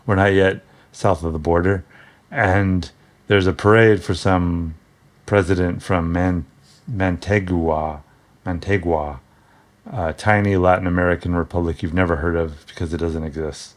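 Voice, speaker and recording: A man with a deep, low-pitched voice talks through an old comic book in a loose, offhand way. He jokes and chuckles as he goes, stopping often on ums and correcting himself mid-sentence. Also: flat delivery, moderate pace. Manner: rambling, joking, chuckles often; hesitant, frequent ums and self-corrections. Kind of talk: casual comic book commentary.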